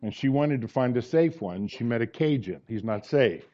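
Earnest preacher in his sixties, mellow voice. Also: mid-range voice, expressive, normal speed, highs cut off. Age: 60s. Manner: earnest, acts out dialogue in stories. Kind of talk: sermon with personal stories.

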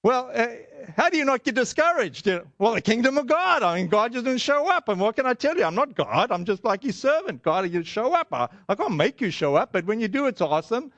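High-voiced casual male preacher. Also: very animated, fairly quick, hardly any pauses, fairly bright tone, no echo, muffled recording. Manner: casual, chatty, self-deprecating with many fillers. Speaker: pastor. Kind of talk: sermon with personal storytelling.

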